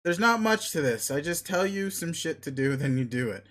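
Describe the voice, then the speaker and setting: Very animated and fairly bright in tone, a man at a moderate pace performs a bossy, vicious young alien male with a domineering mood. His slightly high voice stays near a plain reading voice as the blunt, sneering character pushily sets out demands.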